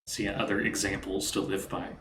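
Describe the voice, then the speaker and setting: Male game master, lowish voice, casual loose narration, roomy echo with faint noise. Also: level tone, normal speed. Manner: casual, loose storytelling with fillers.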